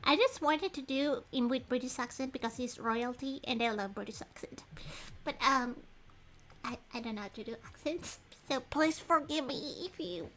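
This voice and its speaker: A woman talks through a detective game on a livestream, thinking out loud about clues. Her voice sits high, and she rambles excitedly, often breaking off to apologize to her viewers. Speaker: streamer playing a detective game. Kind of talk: casual livestream chat.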